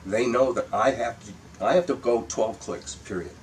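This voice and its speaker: A man's voice: mid-range voice, moderate pace. An older man, a comedian, telling rambling, profane stories with frequent restarts in a casual interview. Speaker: guest comedian. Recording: distant mic with faint background hiss.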